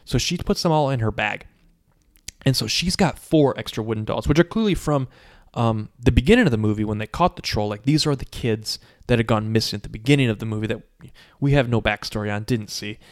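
A man's voice: mid-range voice, brisk. A man casually retelling a movie plot, full of fillers, briefly putting on voices for characters. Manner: animated storytelling with many "like" fillers, acting out quotes. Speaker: podcast co-host recapping a movie. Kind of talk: casual chat.

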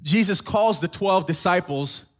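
A man's voice: high voice, unhurried. A young adult man from Africa, a pastor giving a sermon in a casual, storytelling way with humorous asides.

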